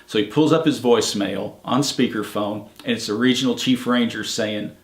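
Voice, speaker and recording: A middle-aged park ranger tells stories in an oral history interview, speaking a little fast with few pauses. His medium-pitched voice is steady, his manner easygoing and plainspoken with many fillers, and the room is echoey.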